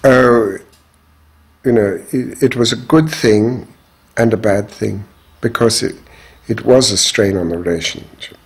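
An older man from Australia, recounting his life in an interview in a measured, frank way. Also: on the low side, husky. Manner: measured, frank, strong views. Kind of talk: reflective personal storytelling.

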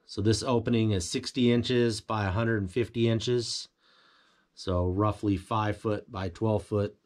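A man's voice: lowish voice, fairly even intonation, unhurried, darkish tone. A man giving a casual walkthrough of a home theater build, explaining things plainly with fillers and self-corrections. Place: home theater room, indoors.

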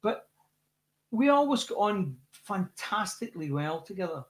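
A man with a Scottish accent, a rock singer chatting as a guest, telling lively stories with many restarts and repeated words. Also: high voice, measured pace. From Scotland. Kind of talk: casual interview chat.

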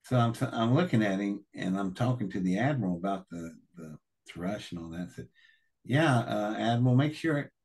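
A man's voice: deep voice, brisk, a little mellow, breathy edge. A man as an interview guest telling a colorful, profane story, acting out the other people's voices.

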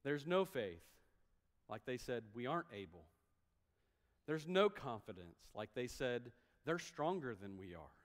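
A pastor with a medium-pitched, sing-song voice preaches a little slowly in a church sanctuary, where a long hall reverb trails his words. His sermon is conversational, and he acts out the voices of the people he quotes.

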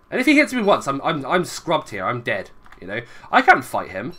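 A young man narrates his own gameplay in a loose, chatty stream of commentary. His voice is bright and ringing, and his pitch rises and falls a lot. He keeps muttering small asides to the people watching. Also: wildly swooping pitch, a little fast, few pauses. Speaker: gaming video creator. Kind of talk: let's play commentary.

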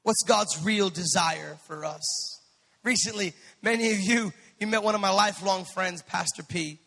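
A male pastor preaching a sermon in a church, impassioned, building to shouted peaks and joking with the congregation. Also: sits high, moderate pace, creaky. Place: church sanctuary. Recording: reverberant church hall.

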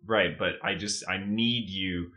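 A man's voice: deep voice, steady tone, unhurried, sharp tone, highs cut off. A man co-hosting a podcast in casual chat, earnest and playfully exasperated. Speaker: podcast co-host.

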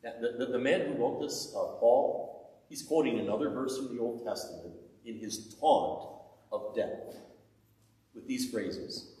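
A middle-aged pastor preaches at a middle pitch, earnest and building to emphatic, taunting bursts. He is picked up from a distance, and his voice rings in a roomy church with a long reverb tail. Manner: earnest storytelling, lively emphatic taunting with pauses. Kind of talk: sermon. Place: church sanctuary. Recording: echoey church from far off.

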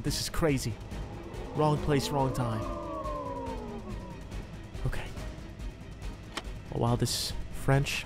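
A man narrating his own game roleplay in an excitable way, often yelping and panicking as things chase him. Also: medium pitch. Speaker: gamer doing a roleplay. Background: game music.

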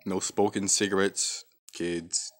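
A man giving profane, trash-talking commentary over his own gameplay, reacting loudly to each fight. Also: low-pitched, level tone, takes it slowly. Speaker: gaming channel host. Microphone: off-camera voice-only mic.

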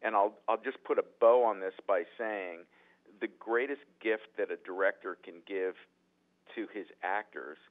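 A man who is a writer-director telling animated stories in an interview, often restarting his sentences. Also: on the low side, normal speed. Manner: animated, acts out quotes, frequent restarts. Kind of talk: anecdotal storytelling in a podcast interview. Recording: tinny phone-like line.

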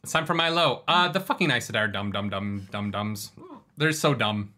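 A man's voice: lowish voice, expressive, normal speed, pushed and bright. A young man hosting a podcast, talking animatedly about a book series and swearing casually. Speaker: podcast host. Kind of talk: casual book discussion chat.

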